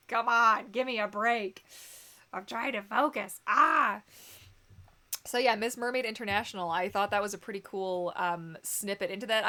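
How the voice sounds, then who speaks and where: A young woman hosts a casual live stream, chatty and giggly and full of "like" and "um." Her voice is medium-pitched and a bit bright.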